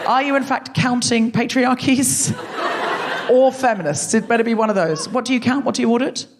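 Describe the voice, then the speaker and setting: A woman's voice: a little high, normal speed. Woman hosting a live comedy podcast in a theatre, chatty and teasing, bit of hiss behind. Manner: chatty, self-mocking, teasing the audience. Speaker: podcast host. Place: theatre stage before a live audience.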